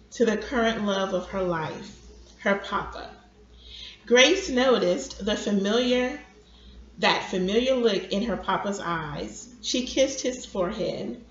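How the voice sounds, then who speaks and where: Slow-reading woman in an echoey room. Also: mid-range voice. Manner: steady, unhurried reading. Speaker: reader. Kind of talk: reading a novel aloud. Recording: roomy, dull lo-fi recording.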